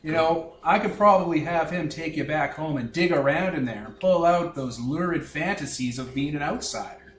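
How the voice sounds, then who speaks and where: Casting: man doing a chummy, condescending nobleman with a folksy Canadian lilt, pitched a touch high, echoey room, faint music. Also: moderate pace, hardly any pauses, distant mic, lightly acted. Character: smug male Borkin noble with put-on Canadian accent.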